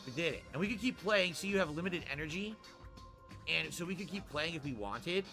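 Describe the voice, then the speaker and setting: A man's voice: fairly high pitch, animated, brisk, sharp tone. A man livestreaming a mobile game, energetically explaining the gameplay to his chat. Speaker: streamer. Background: music.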